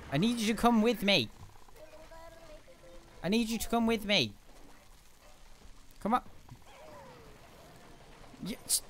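A young man giving excitable let's-play commentary, laughing often and yelling at his teammates. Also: high-pitched, takes it slowly, long pauses, slight background noise. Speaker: gaming video host.

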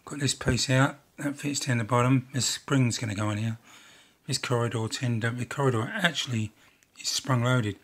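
A man's voice: mid-range voice, moderate pace, fairly bright tone. An older man chatting casually as he narrates building a model railway kit, rambling and self-deprecating.

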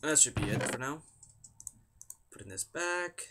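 A man's voice: mid-range voice, expressive, unhurried, background noise. A young man talking casually over a game he plays, chanting repeated words under his breath. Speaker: gamer. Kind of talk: game commentary. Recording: music in background.

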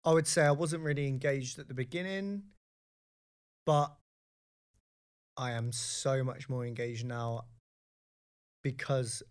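A man co-hosting a podcast in casual chat, animated, often laughing and calling the others "mate". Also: medium pitch, slow pace, pauses often, smooth. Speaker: podcast co-host.

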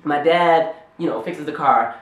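A man in his twenties telling a rambling, animated story in a storytime vlog, with lots of "like"s. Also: on the high side, unhurried, roomy sound. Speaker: vlogger.

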